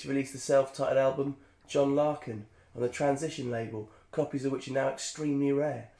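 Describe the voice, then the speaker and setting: A man's voice: medium pitch, warm tone, reverberant. A man co-hosting a podcast, reading aloud in a jokey, digressive way and laughing often. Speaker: podcast co-host. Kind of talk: casual chat reading aloud.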